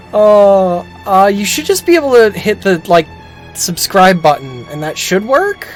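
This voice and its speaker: A woman streaming a game, chatting casually and getting excited as she plays. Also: mid-range voice, a little slow, faint music behind.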